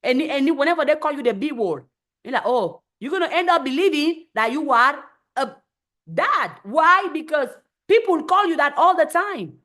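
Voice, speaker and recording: Her voice high, expressive and fairly bright, a woman hosts a motivational live stream at normal speed. She's emphatic, repeats phrases to hammer home her message, and often acts out voices for quotations.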